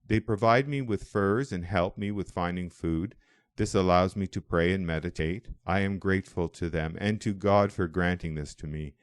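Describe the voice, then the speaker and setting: Guy doing a calm old hermit monk in a storybook, deep booming voice, kind and welcoming. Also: normal speed, no room sound, clean studio sound, natural voice. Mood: earnest. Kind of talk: audiobook dialogue.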